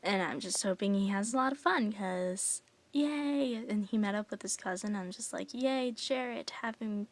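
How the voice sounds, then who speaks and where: A young woman telling a casual, rambling vlog story, full of fillers and with soft whispery asides. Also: mid-range voice, normal speed. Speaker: vlogger.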